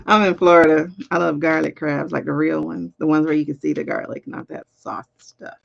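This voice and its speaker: A woman's voice: deep voice, moderate pace, creaky, hardly any pauses, dull audio. A woman reading cards on a live stream, chatting casually and muttering to herself while she sorts out links. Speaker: live card reader. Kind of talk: casual livestream chat.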